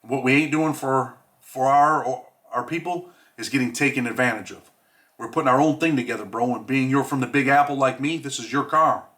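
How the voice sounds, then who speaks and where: A man reads as a hardened inmate who presses his point in a stern, almost urgent voice. The tone is bright and forceful, and the delivery stays plain and direct. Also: medium pitch, a little fast, close to an everyday voice. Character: stern male inmate recruiter.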